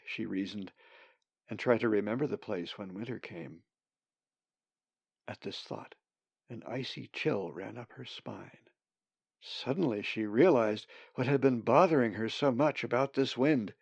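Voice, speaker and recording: A man narrating a storybook in a measured, deliberate reading. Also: lowish voice, creaky, no room sound. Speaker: audiobook narrator. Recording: dull, slightly muffled sound.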